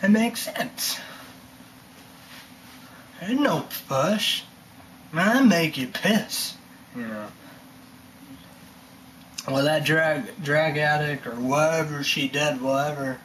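Man, slightly high voice, rambling casual monologue, repeats himself, lots of fillers. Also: slow pace, long pauses, a bit bright, slight background noise. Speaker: vlogger ranting on camera.

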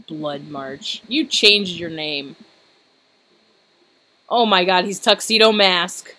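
A woman's voice: on the low side, slow pace, pushed and bright. A woman giving casual, giggly commentary while playing a video game, exclaiming and joking as she goes. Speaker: let's play host.

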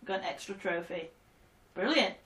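A woman giving excitable, giggly let's-play commentary, often shouting at the game. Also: fairly low pitch, normal speed. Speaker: gamer. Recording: echoey room, distant mic, game music.

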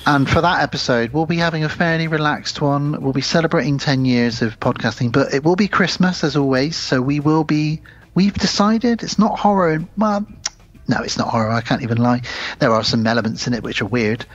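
A man with a slightly high voice talks fairly quickly while hosting a horror film podcast. He's chatty and rambles a bit, poking fun at himself, over a slightly dull lo-fi recording.

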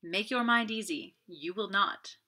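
A woman's voice: medium pitch, a little slow, sharp tone. A woman voicing a fussy, proud male detective, formal and clipped. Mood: haughty. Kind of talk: audiobook character voice.

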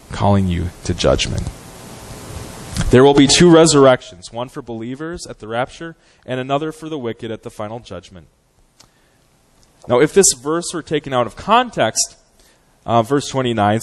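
A man preaching an earnest, measured sermon as a guest preacher in a church, with frequent "um" fillers. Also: mid-range voice, poor audio. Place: church sanctuary.

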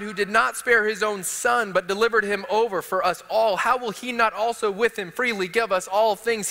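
Texan preacher guy, high bright voice, firing off rhetorical questions, big church hall echo. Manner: impassioned, building rhetorical questions. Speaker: teaching pastor. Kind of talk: sermon. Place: church sanctuary. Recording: long hall reverb.

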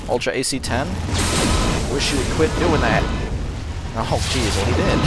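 A let's play host with a medium-pitched voice gives casual gameplay commentary a little slowly, with long pauses. He mutters, jokes and swears while game music plays behind him.

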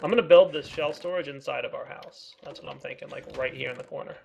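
Excitable teasing guy, kinda high voice, super creaky and raspy. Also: quick pace, slight background noise. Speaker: co-host of a game video series. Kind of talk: casual gameplay chat.

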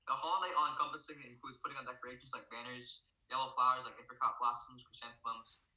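A man presenting as a student, explaining in a relaxed, casual way with many fillers. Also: medium pitch, fast talker. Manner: relaxed, filler-heavy, often says "right?" and "so yeah". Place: indoor room, virtual showcase recording. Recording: roomy echo.

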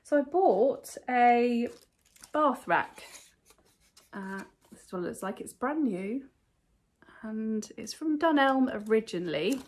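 Chatty british lady doing a haul video at home, talks fast and keen. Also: fairly high pitch, expressive. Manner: chatty, enthusiastic, rambling. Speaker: vlogger showing a thrift haul. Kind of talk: casual chat to camera. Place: at home, indoors.

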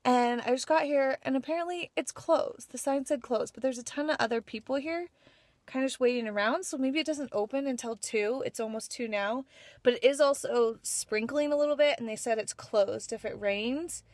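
A woman's voice: high-pitched, normal speed, no echo. A young woman vlogging from her car and outdoors on a handheld phone, frustrated and swearing a lot. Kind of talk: casual daily vlog.

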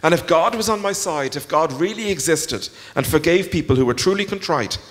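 Male author reading aloud; animated, slightly high voice, long hall reverb. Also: a little fast. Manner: expressive, storytelling. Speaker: author reading at a literary festival. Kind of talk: first-person narration read aloud. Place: large concert hall.

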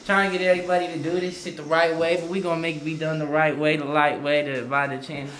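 High-voiced man boasting over a crowd. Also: level tone, fast, poor audio. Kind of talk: casual hype talk.

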